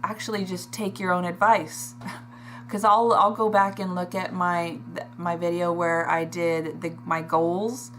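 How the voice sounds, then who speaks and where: A woman talking in a personal video diary, emotional and halting, pausing and sighing as she speaks. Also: on the low side, level tone, fairly bright tone, a little hiss or hum. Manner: emotional, halting, with sighs and restarts. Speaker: vlogger.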